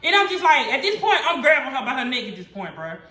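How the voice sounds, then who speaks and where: A woman talks straight to her viewers in a high, sharp, bright voice, telling a story with heavy slang and plenty of swearing. The sound is roomy and echoey. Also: sing-song, fast talker. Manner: emphatic, profane, slangy storytelling. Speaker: vlogger. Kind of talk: storytime monologue.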